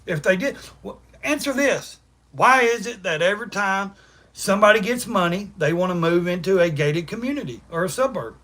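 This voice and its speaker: A man's voice: high-pitched, lively intonation, moderate pace, pushed and bright. A man, ranting bluntly and profanely on a livestream. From East Tennessee, USA. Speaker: livestream host. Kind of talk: unscripted livestream rant.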